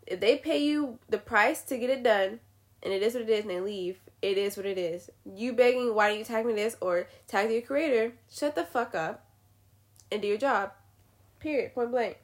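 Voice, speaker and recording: A woman's voice: on the high side, normal speed, long pauses. A young woman giving blunt, profane opinions in a casual rant to the camera. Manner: blunt, swearing, animated ranting. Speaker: vlogger.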